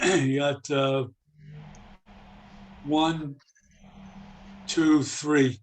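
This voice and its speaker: A man's voice: fairly high pitch, little pitch movement, extremely slow, a little hiss or hum. A man answering as a student in an online class, hesitant as he works through each word. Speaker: adult student. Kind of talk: reading aloud in class. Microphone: video call.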